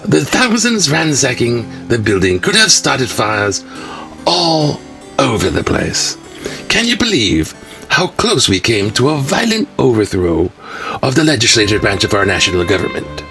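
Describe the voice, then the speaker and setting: A man's voice: mid-range voice, wildly swooping pitch, measured pace, creaky. A man hosting a spoof news show, reading newspaper letters aloud and breaking in with wry, mocking asides. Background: music.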